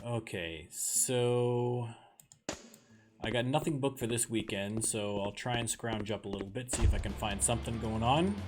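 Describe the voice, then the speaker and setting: A man's voice: mid-range voice, steady tone, moderate pace. A man from southern Ontario with a Canadian accent, chatting casually and self-mockingly while playing a game. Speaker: let's play host. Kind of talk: casual gameplay commentary. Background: game music.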